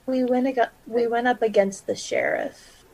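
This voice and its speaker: Gravelly, husky woman at a game table. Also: on the high side, fairly even intonation, unhurried, a little mellow, rough recording. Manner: describes her actions in third person, thinking aloud. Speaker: player. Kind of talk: casual tabletop game talk.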